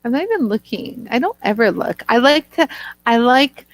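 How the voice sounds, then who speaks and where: A woman hosting a live product show, chatting warmly and talking straight to viewers in the chat. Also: on the high side, very animated, normal speed, dry recording.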